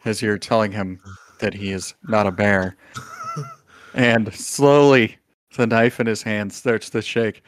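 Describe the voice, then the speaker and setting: A man serving as game master, narrating a tabletop role-play in a relaxed, descriptive way. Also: fairly low pitch, takes it slowly, dry recording.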